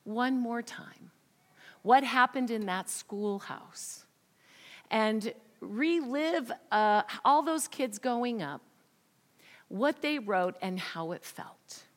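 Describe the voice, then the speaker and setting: A woman voicing a softly coaxing counselor. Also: a little high, lively intonation, slow. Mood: gently coaxing. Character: insistent middle-aged counselor, gentle but firm. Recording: long hall reverb.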